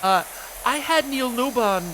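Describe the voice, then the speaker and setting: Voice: medium pitch, lively intonation, unhurried. A streamer in casual, playful gaming chat, theatrical with many fillers. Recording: hissy stream audio, spray noise.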